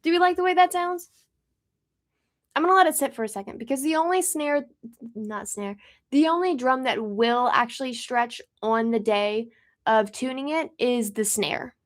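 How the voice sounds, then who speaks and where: Casual drummer host, woman from Florida, a touch high-pitched, loose and talkative. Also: normal speed. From Pensacola, Florida, US. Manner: chatty, rambling storyteller. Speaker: drummer and host of a music channel. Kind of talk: casual chat while tuning drums.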